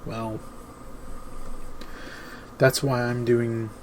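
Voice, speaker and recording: A man hosting his own show, giving earnest, emphatic advice in a deliberate monologue. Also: mid-range voice, level tone, a little mellow, a little hiss or hum, poor audio. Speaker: host.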